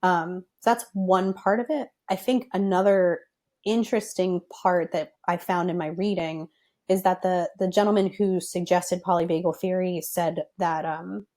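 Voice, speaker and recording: A woman's voice: fairly low pitch, steady tone, normal speed, a little mellow. A young woman explaining a topic on a podcast, walking through it step by step. She keeps things careful and thoughtful and hedges as she goes. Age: young adult. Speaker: podcast guest, physical therapist.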